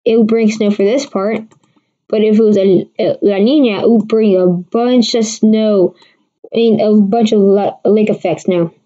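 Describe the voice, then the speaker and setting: A woman's voice: medium pitch, fairly even intonation, moderate pace, dark tone. A woman hosting a casual livestream weather forecast, rambling with many restarts while answering viewers. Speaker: amateur weather forecaster host. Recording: dull lo-fi stream audio.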